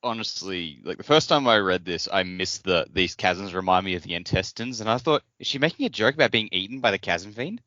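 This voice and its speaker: Deep, bright-toned man rambling on a podcast. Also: expressive, a little fast, hardly any pauses, no echo. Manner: rambling retelling full of fillers and restarts. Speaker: podcast co-host. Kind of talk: casual chat. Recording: dull, slightly lo-fi podcast audio.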